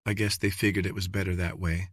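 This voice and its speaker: A man voicing a gentle young woman who speaks softly and quietly. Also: deep voice, flat delivery, fast, dry recording, studio quality.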